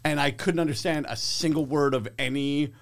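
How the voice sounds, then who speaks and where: A man's voice: on the high side, moderate pace, vocal fry. A man, a guest comedian, telling stories in casual podcast chat and acting out the people in them. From English-speaking, not French-native. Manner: animated storyteller, acts out voices.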